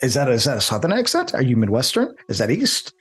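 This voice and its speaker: An animated man griping his way through a casual debate, his voice jumping up in pitch as he gets worked up. He slips into put-on voices mid-sentence. Faint music sits underneath. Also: quick pace, husky. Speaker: co-host debating a film.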